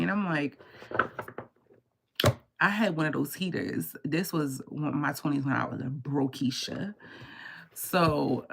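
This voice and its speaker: A tarot reader livestreaming from home at night tells a story full of swearing and laughter, animated yet holding her voice down so nobody asleep wakes up. Her voice is low and gravelly at a moderate pace, with background noise in the recording.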